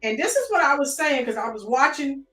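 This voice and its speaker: A woman's voice: high voice, sing-song, a little fast, fairly bright tone, roomy sound, recorded from a distance, faint music behind. An American woman hosting a live-stream commentary, chatting and greeting her chat viewers by name. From United States.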